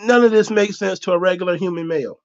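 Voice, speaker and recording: Speaking fast in a high-pitched voice, a man hosts his podcast with a foul-mouthed comic rant full of laughter and impressions. The audio is dull and lo-fi.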